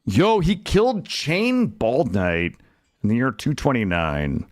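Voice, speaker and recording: Speaking into a studio desk mic, a young male streamer chats with his viewers and casually comments on his game, animated and cursing freely. His voice is medium-pitched and slow, and the recording is clean studio sound with no echo.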